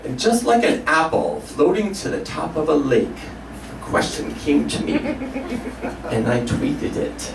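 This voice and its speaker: A man's voice: fairly high pitch, sing-song, a little slow, vocal fry. A man performing a self-deprecating comic story live at a small café, laughing through his lines. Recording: roomy live room from a distance, faint noise.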